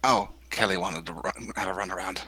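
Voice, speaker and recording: A man's voice: low voice, fairly quick, background noise. A man playing a tabletop game, laughing often and dropping into whispered asides. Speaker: player. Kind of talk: casual tabletop play.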